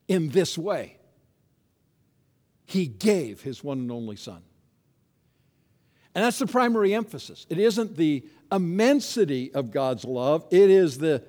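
A man preaches with earnest emphasis, leaning on key words and slowing to drive a point home. His voice sits a little high for a man. The sound carries a long reverb from a large hall. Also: a little mellow. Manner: earnest, emphatic preaching with slow stressed phrases. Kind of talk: sermon.

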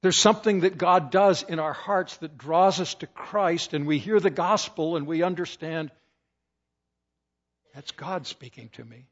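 A man's voice: fairly high pitch, measured pace, a bit bright, dull audio. An older man preaching a sermon, telling stories and quoting scripture with rising emphasis. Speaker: pastor.

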